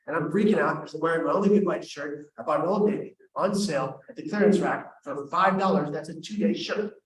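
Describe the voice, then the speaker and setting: Animated man telling a comic story in a hall. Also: a little high. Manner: animated, self-deprecating, quick delivery. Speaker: keynote speaker, host. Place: large event hall. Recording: echoey hall from far off.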